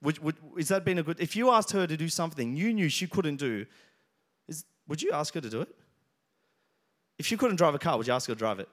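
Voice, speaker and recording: A man in his thirties delivers a sermon with a noticeably high voice. He tells stories casually, then swells into loud, insistent declarations. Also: lively intonation, a little fast. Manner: storytelling, builds to loud emphatic passages. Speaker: pastor.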